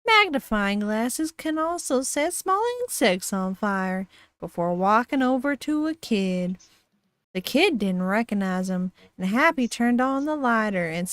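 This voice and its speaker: A woman's voice: on the high side, dry recording. A woman streamer casually reading a horror story aloud, giggly, with frequent laughs and dry asides.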